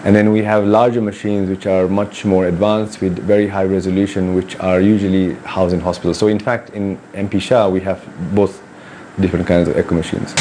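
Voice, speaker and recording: A man with a low, mellow voice speaks as a pediatric cardiologist in a hospital. He explains things in a measured way and stops often for ums and uhs. Faint noise sits under the recording. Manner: measured, hesitant with many fillers. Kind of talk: explaining to camera. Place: hospital in Kenya.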